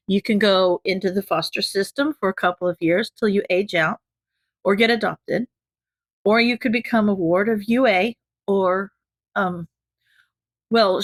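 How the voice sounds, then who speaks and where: A woman reading the part of a kind adult male teacher who soothes a frightened kid in a soft, reassuring way. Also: mid-range voice, no room sound.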